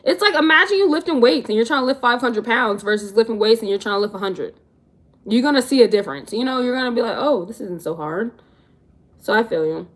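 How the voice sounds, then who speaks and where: A fast-talking young woman in her twenties, her voice a little high, answers live chat as a vlogger on a livestream. The conversation is casual, relaxed, and slangy.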